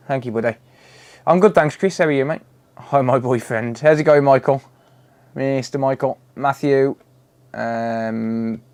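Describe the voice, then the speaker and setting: A man in his thirties hosting a live repair stream, casually greeting viewers by name and calling them "mate". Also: medium pitch.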